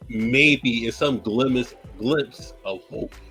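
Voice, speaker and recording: A man with a bright, forceful voice chats loosely on a podcast, retelling anime scenes in a profane, animated way. Faint music plays underneath. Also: mid-range voice, drawn-out words. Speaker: podcast co-host. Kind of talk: casual anime review chat.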